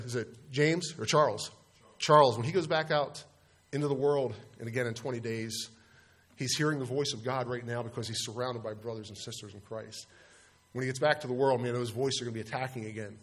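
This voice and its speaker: A man giving an informal devotional talk to a group, speaking conversationally and posing rhetorical questions. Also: medium pitch. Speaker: youth speaker.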